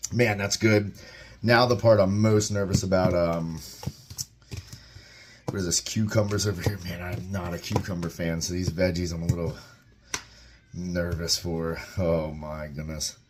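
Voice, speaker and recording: A young man in his home kitchen, chatting casually and excitedly as he reviews a meal, rambling and tasting as he goes. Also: low voice, a little hiss or hum. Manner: upbeat, rambling, talks while eating. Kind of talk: casual vlog chat. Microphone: camera mic, propped-up phone without tripod.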